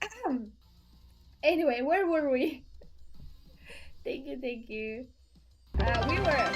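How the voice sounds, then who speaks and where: A woman streaming a game talks with her viewers in a high, slow voice full of swooping, animated melody. Giggling, she gushes her gratitude, with soft game music in the background.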